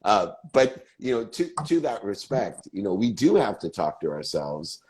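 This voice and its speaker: A man's voice: fairly low pitch, sing-song, moderate pace, darkish tone. A man in his fifties co-hosting a podcast from a hotel hallway, enthusiastic and swearing casually, joking about himself. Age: 50s. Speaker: podcast co-host. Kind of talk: casual interview chat.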